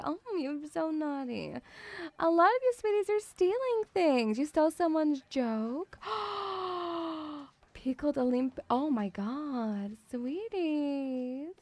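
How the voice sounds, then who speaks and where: High-voiced, teasing British woman. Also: darkish tone, dry recording. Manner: teasing, mock-stern, calls the audience "sweetie". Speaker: streamer playing a teacher. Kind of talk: playful live-stream chat in a teacher role-play.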